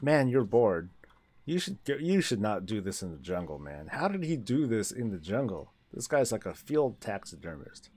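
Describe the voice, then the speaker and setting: Rambling male gaming streamer, lowish voice. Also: big pitch swings, moderate pace, darkish tone, slightly rough. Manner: rambling, self-interrupting, laughs often. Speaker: livestreamer. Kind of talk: casual gaming livestream chat.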